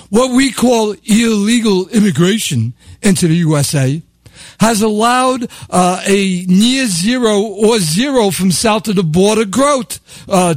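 A man's voice: sits high, no room sound, studio quality. An older American man hosting a call-in talk radio show, delivering a sarcastic monologue full of chuckles and wry asides. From United States.

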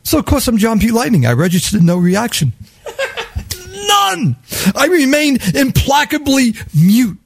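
Wry high-voiced New storyteller. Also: male voice, wildly swooping pitch, measured pace, creaky, a little hiss or hum. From New York. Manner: wry, sardonic, chuckling, wordy. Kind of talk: comic storytelling monologue.

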